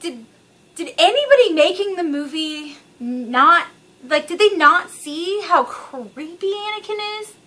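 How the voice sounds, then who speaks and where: A woman's voice: very high-pitched, lively intonation, a little slow, pushed and bright. A woman vlogging to camera, chatty, rambling and frankly profane. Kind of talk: casual chat to camera.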